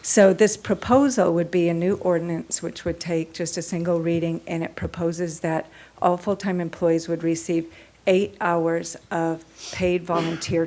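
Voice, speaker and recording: A woman presenting a proposal at a city work session, explaining it in a steady way. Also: lowish voice.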